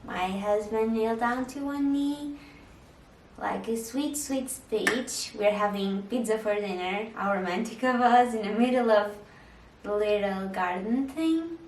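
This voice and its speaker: A woman's voice: on the high side, unhurried, reverberant, distant mic, slight background noise, low-quality recording. A young woman chatting candidly to camera, answering viewer questions about motherhood and marriage. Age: young adult. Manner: candid, chatty, with frequent "like" fillers. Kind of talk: casual Q&A chat.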